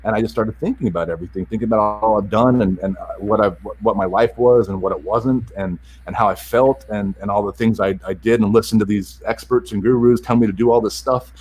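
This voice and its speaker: A man's voice: fairly low pitch, a little mellow, breathy edge. A man telling a painful personal story as a podcast guest. He is earnest and openly emotional, and he often stops and restarts his sentences. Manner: earnest, halting, with frequent restarts and repeated words. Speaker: podcast guest, self-help author. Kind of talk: personal story told in an interview.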